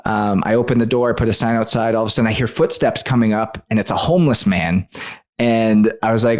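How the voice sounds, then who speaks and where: A man with a fairly low voice, guest on a podcast interview. He tells a personal story earnestly, with feeling and quick asides. His delivery is conversational and heartfelt. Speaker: guest author.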